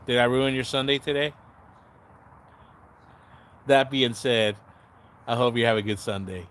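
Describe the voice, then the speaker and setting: A man's voice: mid-range voice, measured pace, pauses often, fairly bright tone, a little hiss or hum. A man hosting a casual livestream, chatting to viewers in the comments, sarcastic and rambling, swearing freely and often losing his train of thought. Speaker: livestream host.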